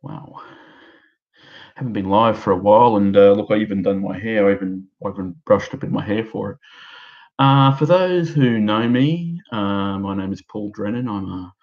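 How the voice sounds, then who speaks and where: A man's voice: lowish voice, normal speed, lo-fi sound. A man in his thirties with an Australian accent, an amateur stand-up comedian rambling self-deprecatingly on a live stream from his own house, with many fillers. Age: 30s.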